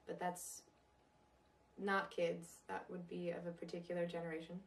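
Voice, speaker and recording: A woman's voice: lowish voice, monotone, moderate pace. Playful woman accent coach, distant playback. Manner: playful, demonstrates regional accents. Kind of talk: recorded accent tutorial. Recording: played back from a distance.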